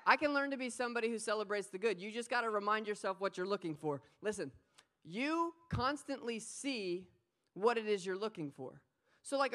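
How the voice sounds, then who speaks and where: A woman preaching an energetic sermon, playful and animated, often talking straight to the crowd. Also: mid-range voice. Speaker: pastor.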